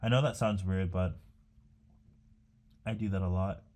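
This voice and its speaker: A man's voice: deep voice, steady tone, measured pace, a little mellow. A young man rambling casually to himself while painting, chatty and meandering with many fillers and restarts. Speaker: art vlogger.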